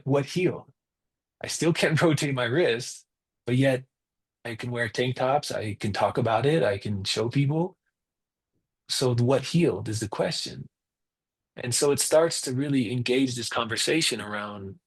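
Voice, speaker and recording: A man's voice: fairly low pitch, breathy edge. A young man presenting a webinar, telling a personal story earnestly and acting out the quotes. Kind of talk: personal story in a spiritual talk. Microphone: webinar mic.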